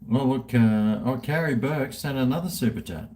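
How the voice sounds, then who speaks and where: A man's voice: medium pitch, moderate pace, warm tone, slight background noise. A man in his late fifties, chatting casually and self-mockingly on a livestream from home. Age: 50s. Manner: chatty, self-mocking, talks to himself while drinking. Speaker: livestream host. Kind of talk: casual rambling livestream chat. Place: at home indoors.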